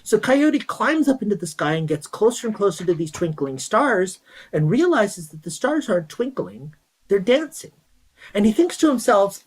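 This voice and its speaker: A man's voice: high voice, sing-song, moderate pace, breathy edge, rough recording. Enthusiastic man explaining meteors. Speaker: guest speaker at an astronomy event. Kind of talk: presentation with storytelling.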